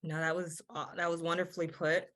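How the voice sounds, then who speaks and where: A woman admissions counselor speaks in a lowish voice, giving earnest, encouraging guidance to students. She often restarts and repeats words as she goes. She is heard over a video-call webinar. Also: little pitch movement, a little fast, a bit bright. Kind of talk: webinar advice talk.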